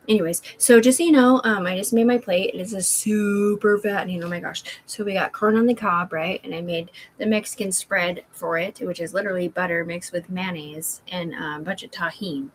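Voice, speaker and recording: A woman's voice: medium pitch, fairly quick, slight background noise, poor audio. A woman rambling to her viewers from home, drifting between topics with plenty of fillers and restarts. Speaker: vlogger talking to viewers. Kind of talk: rambling livestream chat.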